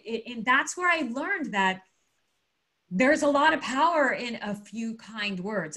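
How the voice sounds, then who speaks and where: Animated woman telling a story. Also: a little high. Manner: animated, acts out quotes, frequent fillers. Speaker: guest. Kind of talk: casual interview storytelling.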